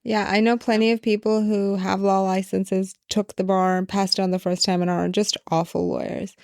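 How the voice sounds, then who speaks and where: A woman in her thirties, a lawyer co-hosting a podcast, telling stories in an animated, laughing way. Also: medium pitch, normal speed, vocal fry, no echo, clean studio sound. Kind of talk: casual podcast chat.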